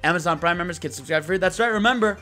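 A man's voice: sits high, racing, sharp tone, soft background music. A young man hosting a live stream, talking to chat in a brash, profane, hyped-up way.

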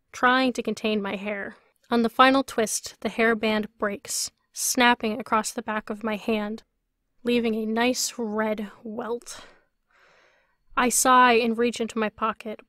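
A woman author reading her own novel aloud in an even, first-person storytelling way. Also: on the high side, dry recording, clean studio sound. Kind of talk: audiobook narration.

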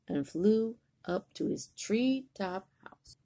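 An older woman, a grandmother, reading a picture book aloud to a child in an expressive, sing-song storytime manner. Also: lowish voice, a little slow, vocal fry, slightly rough.

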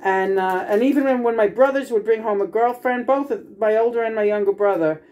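A woman's voice: fairly high pitch, brisk, dark tone. A woman venting in a casual home video, frustrated and profane, rambling with many restarts. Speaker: vlogger.

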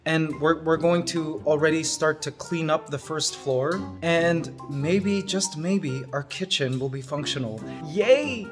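Excitable sentimental man vlogging. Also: a little high. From Canada. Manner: excitable and sentimental, gushing to viewers. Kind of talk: casual vlog. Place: farmhouse under construction.

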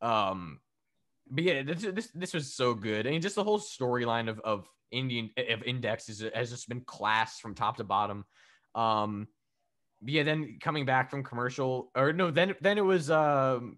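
A man's voice: medium pitch, lively intonation, normal speed, fairly bright tone. A man co-hosting a podcast, chatting casually and profanely about wrestling, rambling with fillers and frequent laughs. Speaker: podcast co-host. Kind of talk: casual chat reviewing wrestling.

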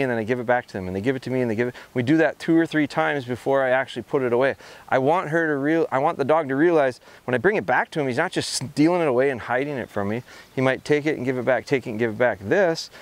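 A man with a medium-pitched voice explains his dog training step by step, slipping short sit and come commands in between calm remarks. He's recorded outdoors in a rural field in the countryside.

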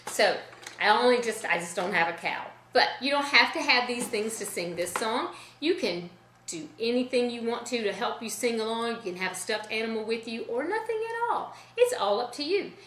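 A woman music teacher leading a children's sing-along lesson in a gentle, chatty way, often stopping to correct herself. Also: fairly high pitch, animated, normal speed, reverberant, a little hiss or hum.

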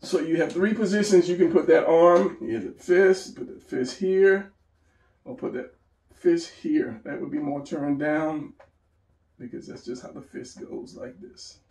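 A man's voice: on the high side, measured pace, darkish tone. A man giving a casual drawing lesson, rambling and talking to himself as he sketches. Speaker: drawing instructor. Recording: echoey room, voice from a distance.

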